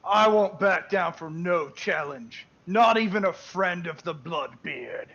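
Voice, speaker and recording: A man voicing a hulking, hot-tempered male orc chieftain who shouts his challenges. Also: high voice, expressive, slow, vocal fry, muffled recording, heavily acted. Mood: defiant. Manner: bellowing challenges.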